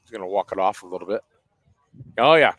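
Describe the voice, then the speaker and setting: A man's voice: low voice, animated, fast, fairly bright tone, no echo. A man giving casual baseball commentary outdoors at a windy ballpark, chatting and telling stories with easy jokes. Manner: chatty storyteller, easy joking.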